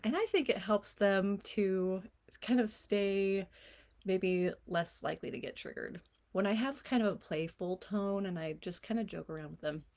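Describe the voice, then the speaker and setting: Chatty woman life coach in her forties. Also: medium pitch. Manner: warm, chatty, laughs often, slips into playful voices. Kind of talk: casual solo talk to camera.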